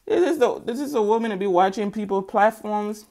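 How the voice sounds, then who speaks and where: Brief: a sassy tarot reader, lively and chatty, laughing through her reading. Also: medium pitch, a little fast, hardly any pauses, a little hiss or hum. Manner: sassy, animated, laughs often. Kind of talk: casual spoken tarot reading.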